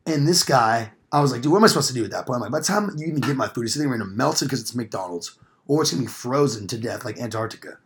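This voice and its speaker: A man's voice: medium pitch, lively intonation, racing. A young man casually telling a rambling, profane story on a podcast, acting out quoted lines. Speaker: podcast co-host.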